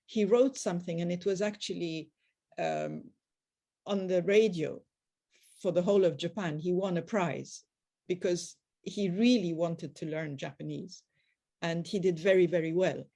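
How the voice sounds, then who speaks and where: A woman's voice: lowish voice, unhurried, dark tone. Older woman telling family stories. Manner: anecdotal, quotes family conversations. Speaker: guest. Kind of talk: storytelling in a group video call. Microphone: video call.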